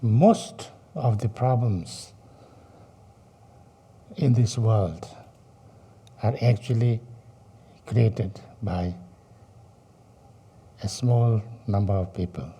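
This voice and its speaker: Slow, dark-voiced man teaching dharma. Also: fairly low pitch, breathy edge. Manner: slow, halting, many fillers and rhetorical questions. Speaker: Buddhist teacher.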